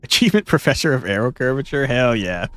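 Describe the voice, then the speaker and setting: A man commenting on a game he is playing, joking and sarcastic. His pitch swings up and down lively. Faint game music plays behind him. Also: quick pace, smooth. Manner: animated, joking, sarcastic about game units. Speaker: gaming channel host. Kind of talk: let's play commentary.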